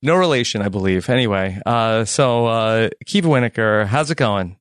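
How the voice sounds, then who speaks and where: A man's voice: fairly low pitch, expressive, moderate pace, clear, resonant tone, dry recording. Easygoing man in his forties, dry sound. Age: 40s. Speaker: podcast host. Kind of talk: casual chat.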